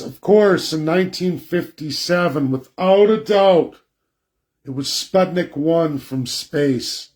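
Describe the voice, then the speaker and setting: A man's voice: on the high side, a little mellow. A man giving a slide presentation, blunt and combative, often repeating his points for emphasis.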